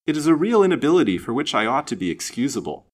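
Lancelot, a man as a grave gallant gentleman. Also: medium pitch, big pitch swings, fast, voice pushed up. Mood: courteous. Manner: courteous and formal, somewhat stiff. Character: earnest, gallant young gentleman, polite and grave. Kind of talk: storybook reading.

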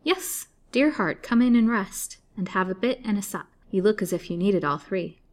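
Woman doing a sweet old country lady, soft and motherly, hushed and soothing. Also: on the low side, moderate pace, natural voice. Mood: kindly. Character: kindly elderly countrywoman, warm and motherly.

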